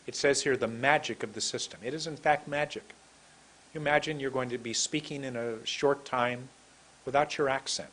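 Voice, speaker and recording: A man from San Francisco teaching English pronunciation, repeating words slowly and deliberately. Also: medium pitch, fairly even intonation, fairly bright tone. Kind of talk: slow demonstrative lesson.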